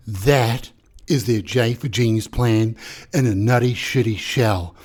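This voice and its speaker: A man's voice: medium pitch, slow pace, a little mellow. A man hosting a comedic true crime show, sarcastic and profane, talking straight to his viewers. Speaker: true crime channel host.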